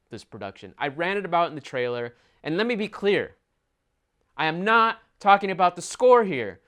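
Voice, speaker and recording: A man's voice: high voice, fairly bright tone. A man hosting an angry movie review, ranting in a furious, sweary, exasperated way.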